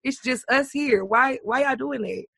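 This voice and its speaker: Young woman co-host, gravelly and husky, bright tone, giggly casual storyteller. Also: sits high, slight background noise. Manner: laughs often, drawn-out playful storytelling. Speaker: podcast co-host. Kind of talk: casual chat.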